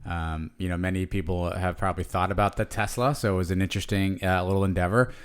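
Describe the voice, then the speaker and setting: A man in his forties with a fairly low voice talks loosely on a podcast. He wanders through his thoughts, piling up fillers and restarting his sentences as he goes. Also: fairly even intonation, fast talker, clean tone. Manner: rambling, with many fillers and restarts. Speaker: podcast co-host. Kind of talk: casual chat.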